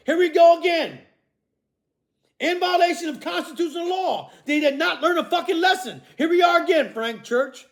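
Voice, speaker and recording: Man, very high voice, furious profane vlog rant, shouts then mutters, constant "okay?" tags. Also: lively intonation, moderate pace. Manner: profane, accusatory, repeats "okay?" and "all right?" tags; swings between shouting and low muttering. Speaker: vlogger. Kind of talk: angry confrontational monologue.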